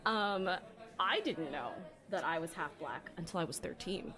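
A woman's voice: fairly low pitch, lively intonation, moderate pace, sharp tone, soft background music. A woman hosting a casual podcast chat, candid and talkative, laughing often and swearing now and then. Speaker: podcast host.

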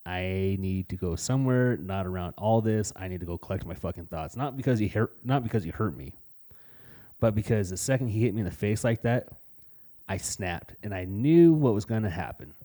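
A man's voice: lowish voice, animated, moderate pace, dark tone. A man co-hosting a casual podcast, telling blunt, profanity-heavy stories from his youth. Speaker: podcast co-host. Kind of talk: casual storytelling chat.

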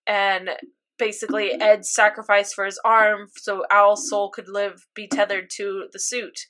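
A woman's voice: mid-range voice, unhurried. A young woman in casual chat, animatedly recapping an anime episode and acting out her own reactions. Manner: animated storytelling, acts out reactions. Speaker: podcast co-host recapping an anime.

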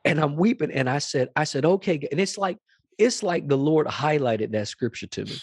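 A man's voice: fairly high pitch, expressive, normal speed, slightly rough, no room sound, clean studio sound. A man, a pastor, giving a passionate testimony in an interview, emphatic and repeating phrases. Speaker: pastor and executive director, guest.

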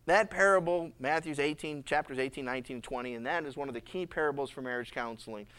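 Male pastor, sermon, lively storyteller, acts out voices, repeats words, mid-pitched. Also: quick pace, clear, resonant tone. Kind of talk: sermon, Bible study.

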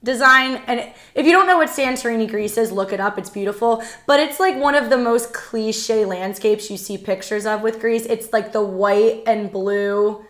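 Excitable higher-voiced woman chatting. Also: normal speed, few pauses. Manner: animated and excitable, rambling with many fillers. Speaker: podcast co-host. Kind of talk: casual chat.

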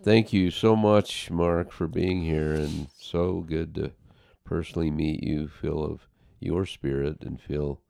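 A man hosting a podcast with an extremely deep voice, talking slowly and reverently. His tone is gravelly, and the recording is close and dry. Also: steady tone, warm tone, dry recording. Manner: slow, reverent and measured. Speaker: podcast host. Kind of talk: podcast interview.

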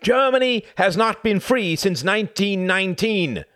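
A man voicing a heated, defiant man in an audiobook, loud and indignant. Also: sits high, animated, moderate pace, dry recording, studio quality, pitched above the performer's own voice. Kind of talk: audiobook character reading.

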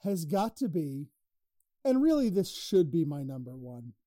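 A man's voice: a little high, very animated, measured pace, dark tone, no echo. A man co-hosting a podcast in casual, profane banter, arguing and laughing, close on the mic. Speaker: podcast co-host.

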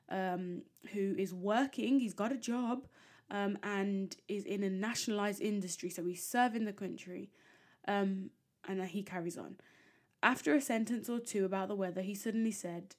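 A woman hosting a history podcast, commenting in an animated, exasperated way and reading quotes aloud. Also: medium pitch. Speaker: podcast host.

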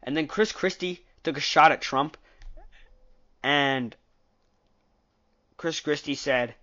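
A man's voice: fairly high pitch, slow, sharp tone, muffled recording. A man giving a casual, opinionated recap of a political debate, rambling and often correcting himself mid-sentence. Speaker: political commentator.

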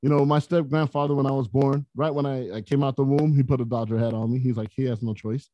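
A man, a podcast guest, telling stories in a casual, animated way, often laughing as he talks. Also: mid-range voice, fast, no room sound, highs cut off. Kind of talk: casual storytelling.

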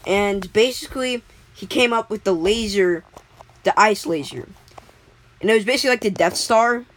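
A woman's voice: mid-range voice, normal speed, low-quality recording. A woman casually making up a story as she goes, rambling with lots of fillers and restarts.

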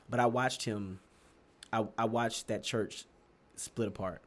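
Animated young man telling church stories. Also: measured pace. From Texas. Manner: animated, laughs often, jumps to high pitch for emphasis. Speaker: podcast co-host. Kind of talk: casual storytelling chat.

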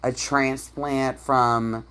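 A woman's voice: very deep voice, fairly even intonation, extremely slow, fairly bright tone, clean tone. A woman co-hosting a podcast in casual chat, gossiping bluntly about reality TV and swearing freely. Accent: Canadian. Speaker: podcast co-host.

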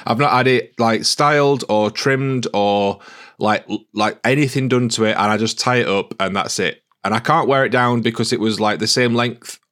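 A man's voice: medium pitch, moderate pace, a bit bright. A man co-hosting a casual podcast, telling stories in a chatty, self-deprecating way. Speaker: podcast co-host. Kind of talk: casual chat.

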